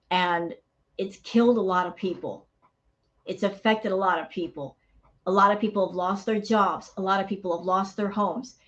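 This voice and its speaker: A woman's voice: medium pitch, highs cut off. A woman hosting a reaction channel, ranting in heated commentary and calling her viewers y'all.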